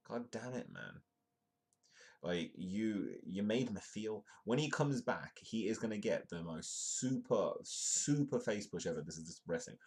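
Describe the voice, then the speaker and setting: A man's voice: sits low, darkish tone. A man hosting a live comedic news stream, reading articles aloud and rambling through them with lots of ums and restarts.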